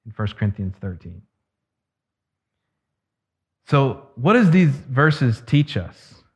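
A man preaching a sermon as pastor, earnest and slowing down to stress key words. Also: medium pitch, sing-song. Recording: echoey hall, dull lo-fi sound.

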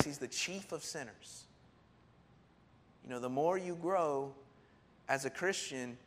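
A man preaching with a high, lifted voice that rises and falls as he presses a point. He talks animatedly and with emphasis, slipping into quoted lines with extra punch. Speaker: pastor. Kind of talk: sermon.

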